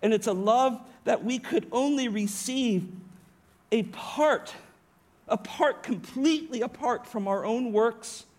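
At a slow pace, a middle-aged pastor with a high-pitched voice preaches a sermon from the pulpit, earnest throughout. He lays out scripture with steady conviction, repeatedly stopping to correct himself and start a phrase over.

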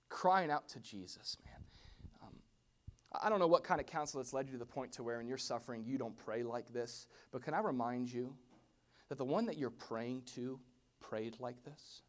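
A man preaching a sermon, swinging from hushed whispers to loud exclamations. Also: medium pitch, animated, normal speed.

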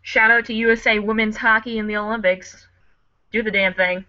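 A woman's voice: on the high side, fairly even intonation, brisk, sharp tone, dry recording. A woman co-hosting a casual podcast chat over a remote call, tipsy from drinking and full of joking, teasing banter. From United States. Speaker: podcast co-host. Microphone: remote call mic. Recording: dull lo-fi remote audio.

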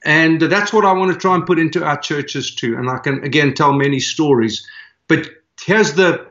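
A pastor and church leader with a somewhat high male voice speaks at normal speed in an interview, telling a story conversationally. He's earnest and animated, acting out quoted dialogue, and the recording sounds dull and lo-fi.

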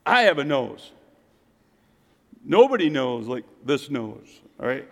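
A middle-aged man preaching a sermon and telling a personal story, swinging from loud, lifted lines to hushed, quiet ones. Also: medium pitch. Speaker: pastor. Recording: long hall reverb.

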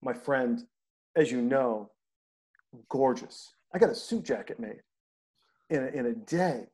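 Male, conversational storyteller, mid-pitched, lively anecdote delivery. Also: unhurried. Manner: animated anecdote teller, acts out quoted people. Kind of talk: casual storytelling chat.

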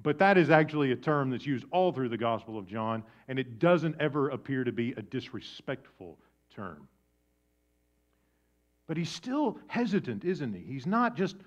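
A man's voice: mid-range voice, big pitch swings, moderate pace. Dramatic preacher man, lo-fi sermon. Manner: dramatic, swinging from loud emphasis to hushed near-whisper. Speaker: pastor. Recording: dull lo-fi sound.

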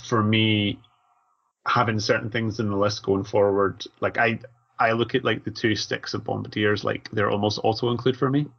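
A man co-hosting a casual podcast chat, relaxed and thinking aloud with lots of fillers. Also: on the low side, normal speed, creaky. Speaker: podcast co-host and event organizer. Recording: dull lo-fi audio.

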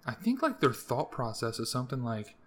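A young man from the US East Coast hosting a podcast alone, rambling through profane, jokey rants with sudden jumps in pitch. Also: very animated, brisk, fairly bright tone. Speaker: podcast host. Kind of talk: casual solo rambling monologue.

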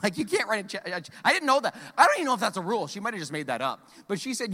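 A middle-aged male pastor preaches with animated storytelling, his voice high and swinging widely in pitch. The tone is bright and forward. A long hall reverb trails behind his words. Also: very fast. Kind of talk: sermon.

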